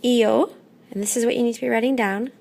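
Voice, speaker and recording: A woman teaching a classroom lesson, patient and methodical, often pausing to check in. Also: fairly high pitch, fairly even intonation, gravelly, darkish tone. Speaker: Spanish teacher.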